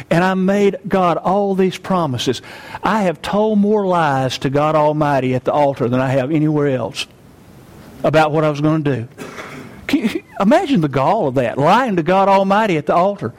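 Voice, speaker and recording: A man preaching a sermon, earnest and emphatic, slowing on key phrases and leading the congregation to repeat after him. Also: a little high. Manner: earnest, leads congregation in call-and-response.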